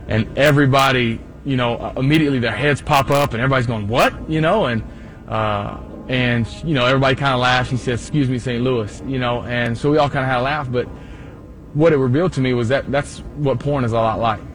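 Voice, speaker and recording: A man telling a personal anecdote in a played clip, halting with many fillers. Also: mid-range voice, steady tone. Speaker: interviewee in archive clip. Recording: clip with faint background noise.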